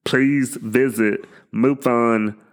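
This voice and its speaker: A man's voice: medium pitch, fairly even intonation, very slow, voice pushed up. A man putting on a mock Australian accent to read out a UFO sighting report for laughs. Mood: mock-earnest. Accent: put-on Australian. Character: male podcast host reading a UFO report in a mock Aussie voice. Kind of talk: comic read-through of a report.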